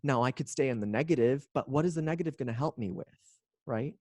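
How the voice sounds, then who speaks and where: A man's voice: mid-range voice, fast talker, darkish tone, no room sound. Emphatic male coach, dry sound. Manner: emphatic, punchy storytelling. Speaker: coach and guest speaker. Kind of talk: casual interview chat.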